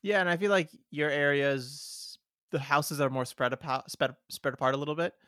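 A man's voice: fairly high pitch, steady tone, moderate pace, a bit bright, dry recording. Man, podcast co-host, wry and chatty, dry close mic sound. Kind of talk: casual chat.

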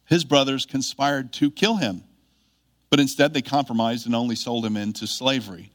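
A man delivers a sermon in an earnest, measured voice of middle pitch. He leans on key phrases with emphatic rises and reads scripture aloud. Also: steady tone, fairly bright tone. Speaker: preacher.

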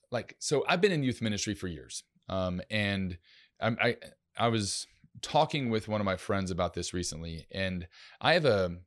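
Man, middle-aged, somewhat low voice, laid-back podcast host, rambling and conversational. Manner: relaxed, rambling, fillers and restarts. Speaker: podcast host, youth minister. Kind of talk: casual faith-based parenting chat.

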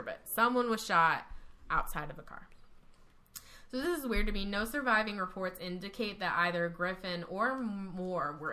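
A woman hosts a true-crime podcast in a casual, chatty way. She reads her notes aloud and laughs often. Her voice is bright and forceful. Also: lowish voice. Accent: Texan, usually hidden. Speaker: podcast host.

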